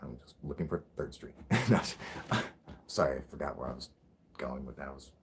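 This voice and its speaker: A man's voice: very deep voice, lively intonation, brisk, a little hiss or hum. Rambling, profane man. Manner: rambling, profane, laughing often. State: high. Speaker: livestream host. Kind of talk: casual livestream chat.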